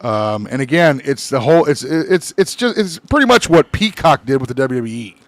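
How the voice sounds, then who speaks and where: A man's voice: mid-range voice, lively intonation, moderate pace, no echo. A man hosting a casual podcast, rambling a little as he wraps up news topics. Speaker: podcast host.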